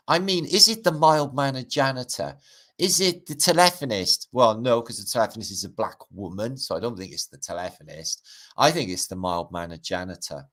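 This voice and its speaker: A man's voice: lowish voice, sing-song, moderate pace, a bit bright. A middle-aged man, rambling and swearing through a casual livestream chat as its host. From Britain.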